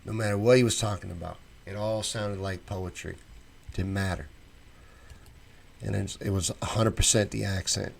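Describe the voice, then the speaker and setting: A man's voice: lowish voice, fairly even intonation, normal speed, gravelly. Chatty man reading out chat comments. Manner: chatty, reads viewer comments aloud and reacts with opinions. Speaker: show host reading live chat. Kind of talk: casual live-stream chat.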